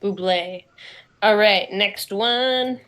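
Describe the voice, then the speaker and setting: A young woman co-hosting a podcast in casual chat, playful and quick, laughing easily. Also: mid-range voice, fairly bright tone. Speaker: podcast co-host.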